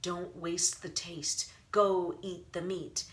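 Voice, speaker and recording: A woman voicing a sly, hissing vampire trickster. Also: pushed and bright. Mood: taunting chant. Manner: slow, low, hissing chant. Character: menacing male vampire-like trickster, sly and coaxing.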